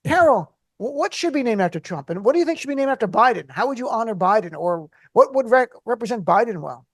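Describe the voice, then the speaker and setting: A man hosting a radio talk show, riffing with animated, incredulous humor. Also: extremely high pitch, fast talker, no room sound, studio quality. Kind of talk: casual comedic chat.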